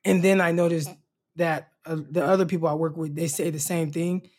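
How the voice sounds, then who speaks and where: A man's voice: on the high side, little pitch movement, a little fast, darkish tone. A man co-hosting a casual sports podcast, laid-back and stammering, often repeating his first words. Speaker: podcast co-host.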